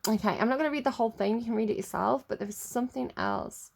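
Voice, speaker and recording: A woman's voice: fairly high pitch, fast, creaky. An English woman with a standard southern English accent, giving a casual tarot reading in a rambling way, full of fillers and restarts. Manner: rambling, many fillers and restarts, laughs at herself. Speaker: tarot reader.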